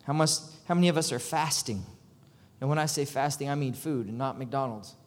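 A man preaching a sermon with passion. He rises to loud cries and breaks off for chuckling asides. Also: mid-range voice, fairly quick. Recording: long hall reverb.

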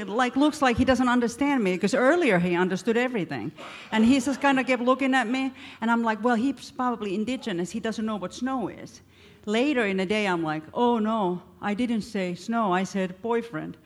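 A woman's voice: fairly high pitch, normal speed, in a large hall. Woman, 50s, from Finland, lighthearted missionary storyteller. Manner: lighthearted, laughing through a funny story. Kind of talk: storytelling to a church.

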